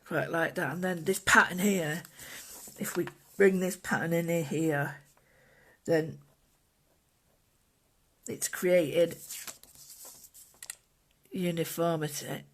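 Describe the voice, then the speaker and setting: An art instructor giving a calm, gentle, casual drawing and painting tutorial, thinking aloud while working at a desk indoors. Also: mid-range voice, slow, long pauses, a little hiss or hum.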